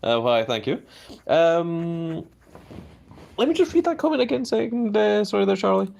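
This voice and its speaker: A man hosting a live stream. He chats casually, fills his talk with hedges, and his pitch jumps up whenever he reads out viewer comments. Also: sing-song, moderate pace, vocal fry, darkish tone. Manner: hedging with many fillers.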